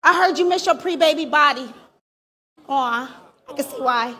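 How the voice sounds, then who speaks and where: A woman performing a live battle rap, taunting her opponent with aggressive, shouted punchlines. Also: high voice, moderate pace. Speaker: battle rapper. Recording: live event with crowd behind.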